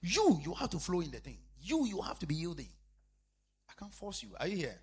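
A man preaching with a high, lively voice. His tone is bright and husky, and he repeats his phrases. He swings between shouted emphasis and low, quiet asides. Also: fairly quick. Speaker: apostle preaching. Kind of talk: sermon.

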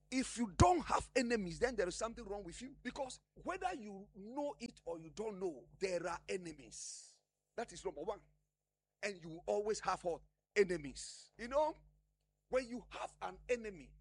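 A man's voice: high-pitched, husky. A man preaching a sermon, emphatic, often asking the congregation a question and answering it himself.

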